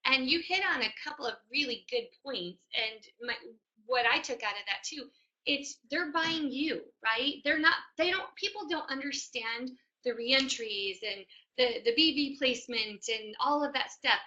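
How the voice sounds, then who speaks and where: A woman's voice: high-pitched, normal speed, bright, forceful tone. A woman co-hosting a business training talk, stressing her points and repeating them for emphasis. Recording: dull lo-fi sound.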